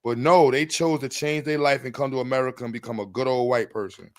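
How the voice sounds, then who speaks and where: A man with a New York accent hosting a podcast, bantering fast and swearing as he jokes. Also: mid-range voice, steady tone. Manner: profane, joking, rapid banter. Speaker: podcast host. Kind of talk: casual chat.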